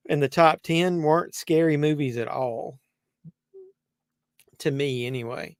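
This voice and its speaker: Brief: male streamer, slightly high voice, casual rambling commentary, dry close sound. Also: unhurried, pauses often, dry recording. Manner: rambling, conversational, many fillers and restarts. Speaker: host. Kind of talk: casual live watch-along commentary.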